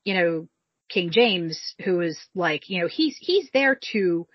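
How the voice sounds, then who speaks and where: A woman's voice: lowish voice, expressive, unhurried, husky, no room sound. A woman co-hosting a casual history chat, chatty, with lots of fillers. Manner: chatty, many fillers, acts out quotes. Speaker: podcast co-host. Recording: dull, dry close mic.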